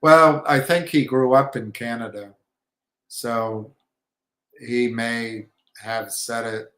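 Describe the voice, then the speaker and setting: A man talks through markets and trading in a loose, rambling way, stopping and restarting his sentences as he goes. He speaks slowly and unhurriedly at a middling pitch, and the room around him gives the voice a noticeable echo. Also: steady tone, a bit bright. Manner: halting, many restarts and fillers. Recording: echoey room.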